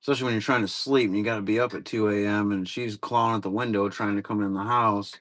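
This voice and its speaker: A live card-break host speaks fast in a lowish, fairly bright voice, keeping a steady tone. He chats casually as the stream runs, rambling comfortably and cursing at times.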